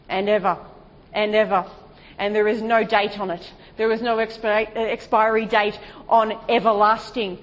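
A woman preacher delivering an emphatic sermon, full of rhetorical questions and dropping to a hushed, lower voice at times. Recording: dull sound with long hall reverb.

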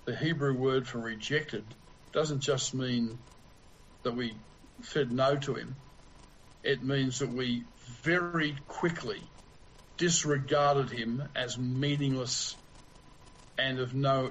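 Slow, deliberate male preacher. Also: mid-range voice, a bit bright, a little hiss or hum, poor audio. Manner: slow, deliberate delivery with long pauses. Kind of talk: sermon.

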